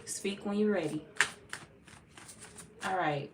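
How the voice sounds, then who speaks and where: A woman, slightly hoarse, chatting casually on a live stream as a tarot reader, greeting viewers by name and swearing freely. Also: mid-range voice, slow. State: slightly hoarse, feels she is losing her voice. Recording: echoey room, far from mic, faint noise.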